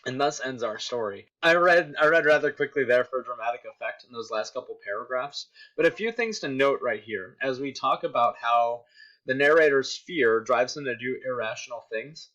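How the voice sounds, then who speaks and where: Male teacher, recorded lesson, explanatory, crisp bright tone, slightly muffled sound. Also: medium pitch, expressive, moderate pace. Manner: explanatory, checks in with "right?". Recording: dull lo-fi recording.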